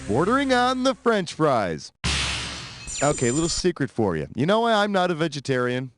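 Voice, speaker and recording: A high-voiced man hosts a quiz game with hammy, sarcastic wisecracks. His pitch leaps and dips all over the place. Loud music plays under him the whole time. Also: very animated, normal speed. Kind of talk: scripted game show hosting.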